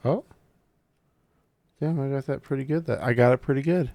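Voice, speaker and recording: A man's voice: mid-range voice, normal speed, dry recording, studio quality. A man chatting loosely and profanely as he unboxes and reviews a gaming mouse, joking with his viewers. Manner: profane, excitable, jokey talk to the viewers. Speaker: tech reviewer. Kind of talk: casual unboxing commentary.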